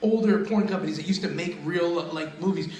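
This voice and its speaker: A man's voice: high voice, fairly quick, a little mellow, echoey room, low-quality recording. A man who is a comedian and radio host, telling crude stories in casual chat and laughing often. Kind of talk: casual podcast chat, storytelling.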